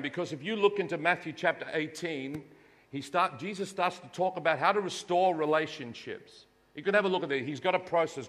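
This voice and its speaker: A man's voice: on the high side, fairly bright tone. A man preaching a sermon, reading scripture aloud and leading the congregation in call-and-response repetition. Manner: reads scripture aloud with emphatic slowed phrases. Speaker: pastor. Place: church hall. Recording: long reverb of a hall.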